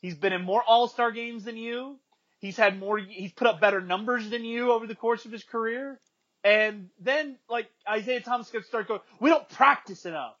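Blunt high-voiced man ranting on a lo-fi podcast. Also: fairly even intonation, normal speed, a bit bright. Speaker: podcast co-host. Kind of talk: casual sports chat.

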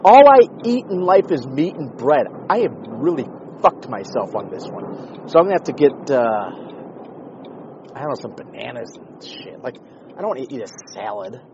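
A man hosting a podcast, talking in a rambling, sarcastic, profane comedic monologue with a husky voice. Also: mid-range voice, big pitch swings, moderate pace, highs cut off, noisy background. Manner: rambling, sarcastic, swears often. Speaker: podcast host.

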